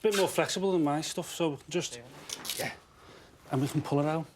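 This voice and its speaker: A man working as an animal welfare officer, talking casually on the job and calling to a cat in a high sing-song voice inside a house. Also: normal speed, noisy background. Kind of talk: casual on-location talk. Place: indoors in a house by a chimney. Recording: on-location audio with loud music underneath.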